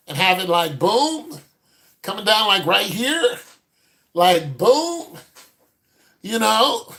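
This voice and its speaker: A man giving a casual, joking critique with animated, mock-preachy asides. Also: high-pitched. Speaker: dating and style commentator.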